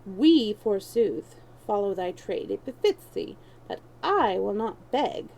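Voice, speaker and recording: A woman's voice: mid-range voice, sing-song, takes it slowly, a little mellow, full character voice, low-quality recording. A woman voicing a proud boy king in rags, speaking stiffly and scornfully in archaic speech.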